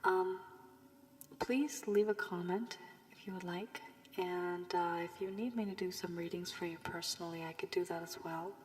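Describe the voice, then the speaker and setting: A woman giving a tarot reading with advice, her voice worn from illness, speaking softly and often half-whispering. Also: on the low side, steady tone, moderate pace. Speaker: tarot reader. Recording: long room reverb, faint background hiss.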